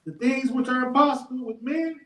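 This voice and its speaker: A man reading the King James Bible aloud at a steady, measured pace. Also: extremely high pitch. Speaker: scripture reader. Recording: echoey, recorded from a distance.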